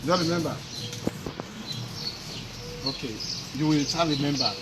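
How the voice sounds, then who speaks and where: A man's voice: on the high side, unhurried. Man, pastor, questioning sermon, raised voice, noisy room. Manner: questioning, repetitive tag questions, Nigerian Pidgin. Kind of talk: sermon questioning children and congregants.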